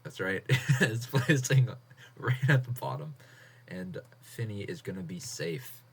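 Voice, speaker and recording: A man's voice: lowish voice, animated, unhurried, creaky, husky. A man hosting a casual online contest stream, reading entries aloud with frequent laughs and casual swearing. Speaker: host of an online writing contest.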